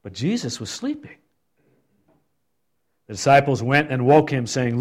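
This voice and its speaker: A man leading a Bible study, reading scripture and reflecting on it in an expressive, thoughtful way. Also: mid-range voice, a little slow. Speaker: Bible teacher.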